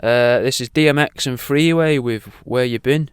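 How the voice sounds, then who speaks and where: A man's voice: mid-range voice, moderate pace, clear, resonant tone, no room sound, clean studio sound. A man hosting a radio talk show, rambling off on tangents and swearing freely. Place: radio studio.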